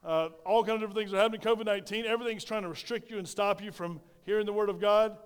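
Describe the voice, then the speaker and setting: A man's voice: high-pitched, steady tone, racing, smooth, big-room sound. A middle-aged male pastor preaching a sermon into a microphone in a church, telling stories, repeating phrases and asking the congregation questions. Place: church sanctuary. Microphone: handheld microphone.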